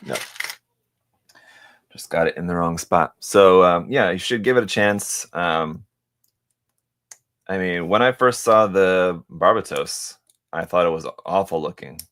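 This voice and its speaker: Low-voiced man rambling on a live stream. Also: unhurried, long pauses, a bit bright. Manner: rambling and hesitant, many fillers and restarts; mutters to himself while working. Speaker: live-stream host building a model kit. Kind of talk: casual live-stream chat, answering viewer questions.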